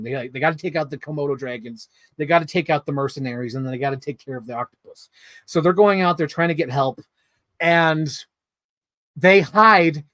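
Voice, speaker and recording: A man giving a casual, animated movie review as a story, swearing freely and getting excited. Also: fairly high pitch, no room sound.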